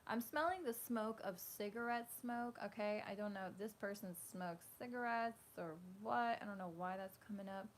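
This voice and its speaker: A woman giving a casual tarot reading at home, rambling and animated, full of fillers. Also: mid-range voice, moderate pace, few pauses. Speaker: tarot reader. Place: home room with a fan running. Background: faint fan hum.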